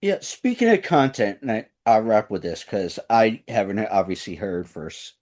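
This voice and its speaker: A man's voice: lowish voice, animated, moderate pace, darkish tone. A man hosting an interview, mostly giving brief affirmations and wrapping up the talk. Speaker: interview host.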